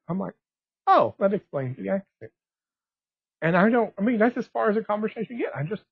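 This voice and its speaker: Guy rambling on his blog, husky voice, kinda tinny like a phone. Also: on the high side, no room sound. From West Texas. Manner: rambling, digressive, restarts often. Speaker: blogger. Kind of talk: casual monologue. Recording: tinny phone-like dry sound.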